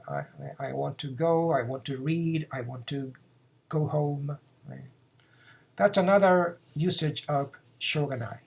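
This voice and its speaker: A man's voice: fairly high pitch, takes it slowly, creaky, darkish tone, breathy edge. A man, teaching phrases in a casual lesson, repeating words and acting out example lines. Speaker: Japanese teacher.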